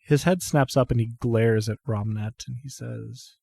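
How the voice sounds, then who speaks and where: Unhurried man running a tabletop game. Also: medium pitch, gravelly, slightly rough, no echo. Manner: relaxed, unhurried, laughs easily. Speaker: game master.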